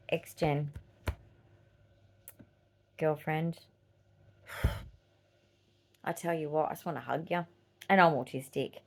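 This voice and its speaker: A woman in her forties with an Australian accent and a lowish voice hosts a podcast. She talks in a casual monologue, blunt and freely swearing, laughing between her points.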